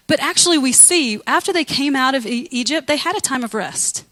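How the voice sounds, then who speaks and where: A woman pastor delivers a sermon in a lively, conversational way, slipping into voices for biblical figures with a humorous edge. Her voice sits a little high for a woman. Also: moderate pace, long pauses, poor audio.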